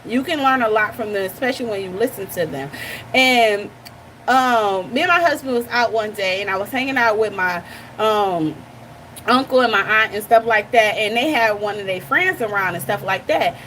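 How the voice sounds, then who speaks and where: A woman's voice: medium pitch, animated, normal speed, fairly bright tone, slight background noise. A young woman hosting a reaction channel, talking bluntly and animatedly straight to her viewers in casual commentary.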